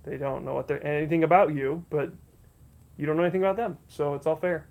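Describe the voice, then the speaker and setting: A man's voice: on the high side, fast talker, creaky, muffled recording. A man narrating a tabletop game as game master, rambling along with many restarts and fillers.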